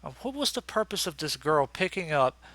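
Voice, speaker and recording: A man rants his way through a casual review in a crude, sarcastic, exasperated tone. His voice is bright and a little high. The sound is dry and close. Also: big pitch swings, fairly quick, no room sound.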